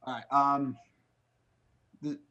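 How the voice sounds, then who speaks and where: A man's voice: mid-range voice, flat delivery, slow, pushed and bright, muffled recording, pitched below the performer's own voice. A man putting on a Texan accent to deliver a crude folksy put-down. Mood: teasing. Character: gruff Texan man trading folksy insults.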